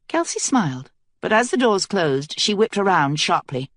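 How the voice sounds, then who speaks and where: A woman narrating a fantasy audiobook in a measured, steady manner. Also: mid-range voice, dry recording, clean studio sound.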